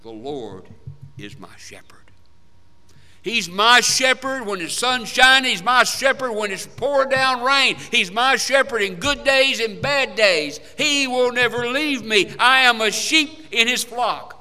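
High-voiced preacher in an echoing hall. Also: male voice, unhurried, few pauses. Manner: dramatic swings between loud emphasis and hushed low passages. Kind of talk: sermon. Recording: long hall reverb.

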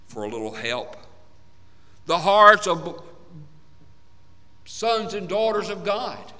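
A man preaching a sermon, swinging between loud emphatic lines and hushed, low passages. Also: clear, resonant tone. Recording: long hall reverb.

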